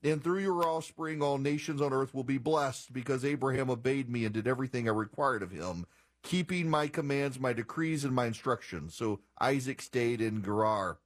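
A man's voice: medium pitch, normal speed. A man hosting a political talk radio show, giving incredulous, sarcastic commentary and reading passages aloud.

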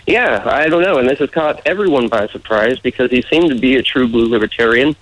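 Man, radio interview guest, measured and chuckling, dry close mic. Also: medium pitch, animated, a bit bright, no echo, low-quality recording. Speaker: political candidate guest.

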